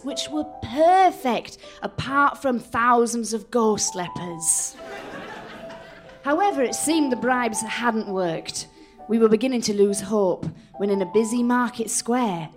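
Woman telling an absurd story deadpan. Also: fairly high pitch. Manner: deadpan, absurd comic narration. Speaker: comedian narrator. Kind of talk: live comic storytelling. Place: live stage at a festival.

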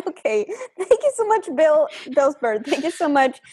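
A woman hosting a comedic call-in game show, deadpan and rambling with fillers. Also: sits high, unhurried. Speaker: host.

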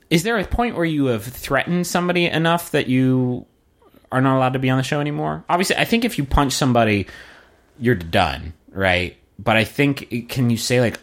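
A man's voice: medium pitch, expressive, moderate pace. A man co-hosting a podcast, recapping a show in casual chat with a wry, sardonic manner and casual swearing. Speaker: podcast co-host.

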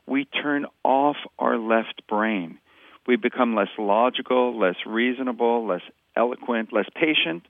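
A man's voice: medium pitch, creaky, no room sound. A man who is a parenting expert, explaining in a conversational interview and acting out short repeated example phrases. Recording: dry, tinny phone-line sound.

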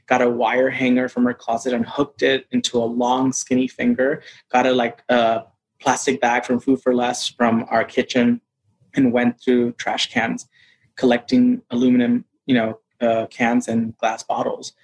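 A man, an actor being interviewed, telling a personal story in a lively, casual way. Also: medium pitch, measured pace, poor audio. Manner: animated, acts out quoted voices. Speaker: actor guest.

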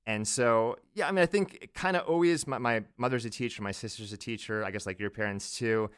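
A man from Virginia Beach with a neutral General American accent, a law professor answering interview questions in a measured, earnest way. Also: mid-range voice, a bit bright, clear, resonant tone, dry recording, studio quality. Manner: measured, earnest, laughs easily. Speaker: law professor, podcast guest.

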